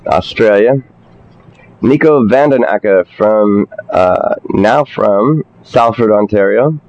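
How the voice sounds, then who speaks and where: A man on a radio show reading a long list of donor names in a relaxed way, with fillers and self-corrections. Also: lowish voice. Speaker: co-host reading pledge drive donor names. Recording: slightly dull lo-fi broadcast audio.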